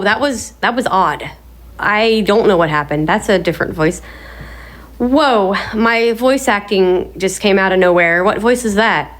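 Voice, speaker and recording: A woman's voice: mid-range voice, expressive, moderate pace. A woman hosting a casual sit-down vlog from her home kitchen, talking in a bubbly, enthusiastic, chatty way. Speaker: vlog host.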